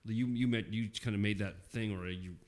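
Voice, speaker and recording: Chill podcast host guy, cusses a lot, kinda low voice. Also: fairly even intonation, moderate pace. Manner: laid-back, swears freely, agreeable. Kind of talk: casual podcast chat.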